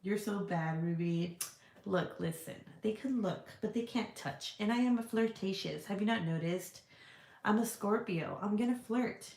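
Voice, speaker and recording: A woman telling a story in casual chat as a vlogger, animated and swearing freely, laughing often. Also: medium pitch, moderate pace, creaky. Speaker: vlogger reading live chat. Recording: roomy echo.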